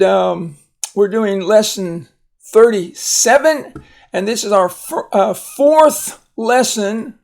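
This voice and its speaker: A man teaches a recorded phonics lesson at a very slow, patient pace. His voice is gravelly, and he often stops to restart words and fill pauses. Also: high-pitched.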